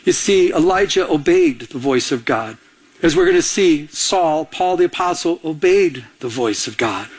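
A male pastor preaching a sermon with a somewhat high voice. He talks in an animated way and slips into the voices of the figures he quotes. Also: moderate pace, slightly rough. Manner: animated, acts out voices of God and Elijah.

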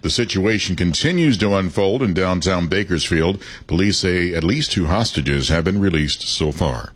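A man reading a scripted radio newscast as the anchor, in a steady, measured way. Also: deep voice, slightly rough. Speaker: news anchor.

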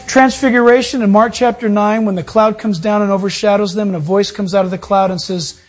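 A male pastor and Bible teacher delivering a sermon, preaching emphatically with repeated phrases and rising emphasis. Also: high voice.

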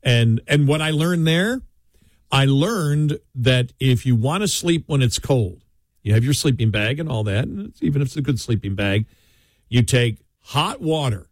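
A man's voice: medium pitch, expressive, moderate pace, dry recording. A man telling long rambling stories in easy conversation, chuckling as he goes. His voice sits in a middling register. It sounds close and dry, with no room around it. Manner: rambling storyteller, laughs often. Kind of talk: casual chat.

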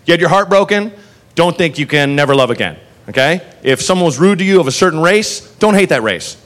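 Animated man telling a stand-up story. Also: fairly high pitch, a little fast. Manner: animated, swearing, laughing through lines. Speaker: stand-up comedian.

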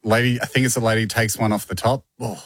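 A man's voice: lowish voice, fast, dry recording. A man, co-hosting a casual podcast chat and telling stories with frequent laughter. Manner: animated storytelling, laughs often. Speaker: podcast co-host.

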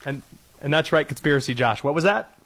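Animated Cajun sports radio host. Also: male voice, fairly quick, noisy background. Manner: animated, jokey, swings pitch up and down. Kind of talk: sports talk radio chat.

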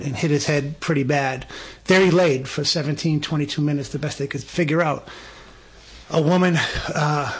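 A middle-aged man telling a personal story in a casual conversation, earnest and emphatic, getting animated when he quotes people. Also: on the high side, husky.

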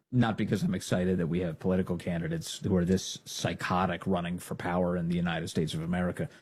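A man's voice: low voice, a little mellow, slightly rough. A man hosting a political talk show, delivering an opinionated monologue full of sarcasm and mocking impressions of the people he talks about. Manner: sarcastic, mocking, acts out quoted voices. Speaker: political commentary host.

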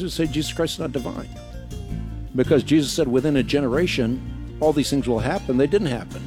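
A man's voice: medium pitch, animated, a little fast, music in the background. A man hosting a radio broadcast, explaining scripture emphatically with rhetorical questions. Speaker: radio show host answering Bible questions.

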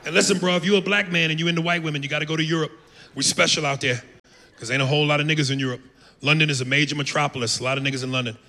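A man's voice: fairly high pitch, steady tone, very fast, bright, forceful tone. Brash profane stand-up comic man. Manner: brash, profane, acts out voices. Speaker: stand-up comedian. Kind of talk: stand-up set. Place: comedy club stage. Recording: live club mic with echo and noise.

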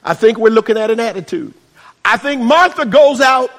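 A man preaching a sermon, swinging between shouts and hushed asides and adding humorous remarks. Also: extremely high pitch, animated, normal speed. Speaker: pastor. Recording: reverberant hall.

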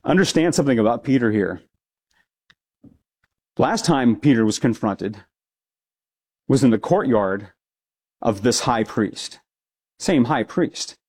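A man's voice: mid-range voice, expressive, slow pace, pauses often, a little mellow, breathy edge. A man, a pastor, teaching a Bible passage in a conversational sermon, with frequent asides and restarts. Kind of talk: expository sermon.

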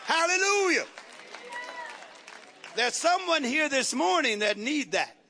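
A man's voice: very high voice, very animated, moderate pace, gravelly, pushed and bright, a faint crowd, slight background noise. A man preaching a sermon as pastor, with rhythmic repetition and call-and-response questions to the congregation.

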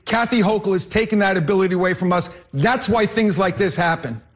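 A man's voice: sits high, fairly quick. A man arguing as a candidate in a political debate, combative and repeatedly addressing his opponent. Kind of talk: debate argument.

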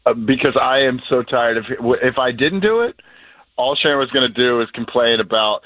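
A man's voice: mid-range voice, a little fast, dry recording. A man on a live phone call to a radio show, blunt and exasperated, stumbling over restarts. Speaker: caller's husband on phone. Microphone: telephone. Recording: dry narrow phone line.

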